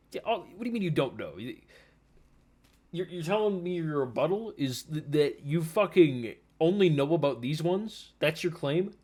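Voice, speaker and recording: Exasperated man ranting in a lively voice. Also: a little high, moderate pace, breathy edge. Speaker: commentary streamer. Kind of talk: reaction commentary.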